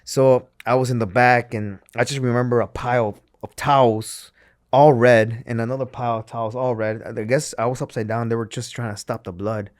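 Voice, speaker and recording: A man's voice: medium pitch, fairly even intonation, a little fast, no echo, studio quality. A man, a former pro wrestler, speaking as an interview guest and retelling his story in an earnest, candid way, often restarting his sentences.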